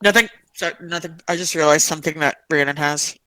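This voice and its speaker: A man's voice: on the high side, quick pace, bright, forceful tone, no room sound. A man playing a tabletop game, cracking dry jokes in casual chat. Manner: joking, dry quips. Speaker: player.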